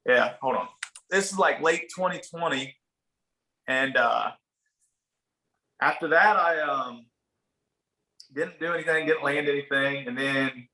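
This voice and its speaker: A man's voice: a little high, bright, forceful tone. A man in his thirties from a small town in Ohio, with a rural Ohio accent, telling a story in laid-back casual talk, swearing now and then and acting out what people said. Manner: laid-back, swears, acts out quoted dialogue. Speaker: podcast guest, barber. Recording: roomy echoey room.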